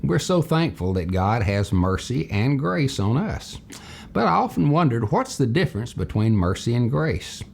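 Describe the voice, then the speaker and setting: An older man from Tennessee, husky voice, telling a childhood story as a character lesson in a folksy, animated way. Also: medium pitch, moderate pace, slight background noise. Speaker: storyteller teacher.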